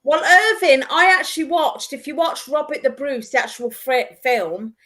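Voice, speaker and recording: A woman's voice: sits high, normal speed, fairly bright tone. A woman from England chatting casually on an online panel with rambling asides. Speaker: panel guest. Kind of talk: casual chat.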